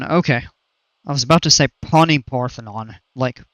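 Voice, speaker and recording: A man's voice: medium pitch, normal speed, bright, forceful tone, no room sound. A man chatting casually on a live game stream through a headset, chuckling a lot and trailing off mid-sentence.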